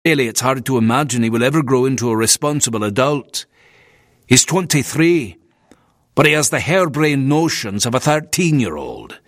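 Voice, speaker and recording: Man voicing a fussy Victorian clergyman, disapproving, stiff, lively rising and falling pitch, dry close sound. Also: moderate pace, dry recording, natural voice. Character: nervous disapproving male Victorian minister.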